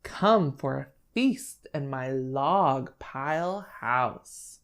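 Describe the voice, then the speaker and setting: A woman reading a slow, coaxing storybook snake. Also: very deep voice, animated, full character voice. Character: hungry snake, smooth and sly. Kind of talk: picture-book read-aloud.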